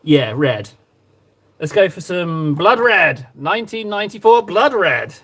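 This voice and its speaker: A man's voice: sits high, sing-song, a little slow, fairly bright tone. Playful man chatting while painting. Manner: playful, rambling, talks to chat while painting. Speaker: streamer painting miniatures. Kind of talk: casual live-stream chat.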